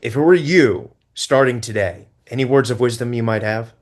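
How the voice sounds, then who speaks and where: A man's voice: medium pitch, moderate pace. A man hosting an interview podcast, asking long rambling questions full of "you know" and "like". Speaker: podcast host. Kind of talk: casual interview chat.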